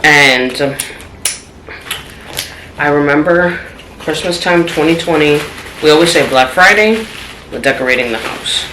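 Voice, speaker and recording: A woman telling a personal story in a home vlog, candid and open, her voice going soft and trailing when the story turns sad. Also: low voice, a little slow, long pauses, noisy background. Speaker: vlogger. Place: home apartment. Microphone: phone camera. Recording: echoey room with clattering dishes.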